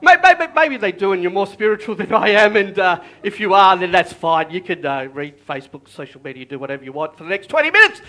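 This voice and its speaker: A high-pitched man preaching a sermon with a bright, forceful tone. He talks in a lively, repetitive way and keeps calling out to his listeners. His pitch swings up and down a lot. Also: fast, few pauses. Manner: lively, repetitive, calls out to the congregation. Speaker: pastor.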